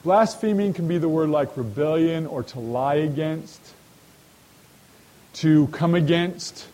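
A man with a slightly higher voice leads a Bible study in a sermon style. He keeps turning to his listeners with quick rhetorical questions. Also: mellow, low-quality recording. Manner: asks rhetorical questions and addresses listeners directly. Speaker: Bible teacher.

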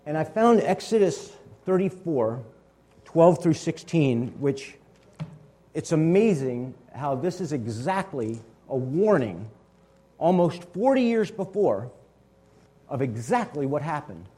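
Dark-voiced man teaching scripture. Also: fairly high pitch, very animated, slow. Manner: explains word meanings and pronunciations. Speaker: Bible teacher.

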